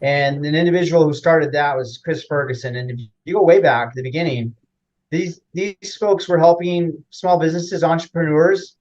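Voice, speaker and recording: Male interview guest, slightly high voice, rambling with fillers, lo-fi audio. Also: normal speed, darkish tone. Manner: rambling, many fillers and restarts. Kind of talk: casual explanatory interview.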